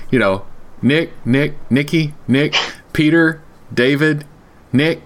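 A man co-hosting a podcast in casual chat, animated and quick to laugh. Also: fairly high pitch. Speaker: podcast co-host.

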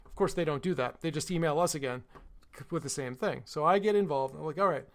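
A man co-hosting a casual podcast chat, retelling a work story with animated, mocking quotes. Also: on the high side, quick pace. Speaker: podcast co-host.

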